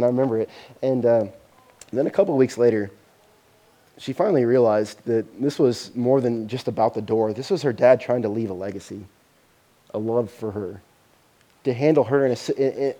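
Guy preaching a sermon, mellow warm voice, gets loud and animated telling stories. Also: medium pitch. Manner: animated storytelling, rising loud at dramatic moments. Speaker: pastor.

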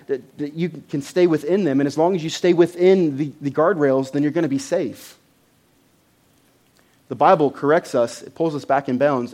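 Male pastor, conversational sermon delivery, somewhat high voice, emphatic bursts. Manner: swings from quiet to loud, emphatic bursts; repeats words and restarts, conversational preaching.

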